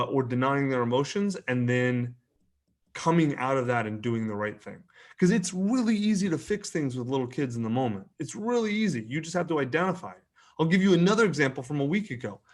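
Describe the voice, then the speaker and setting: A man in his thirties, frank and earnest, swearing casually and restarting sentences while telling a personal story as a podcast guest. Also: medium pitch. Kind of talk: candid conversational storytelling.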